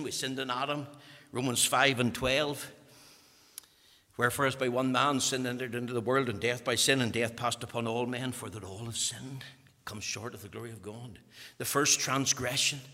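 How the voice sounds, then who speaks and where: A man preaching a fiery evangelical sermon. He drops to hushed whispers and then climbs into loud, high-pitched exhortation. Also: steady tone, normal speed. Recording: echoey hall.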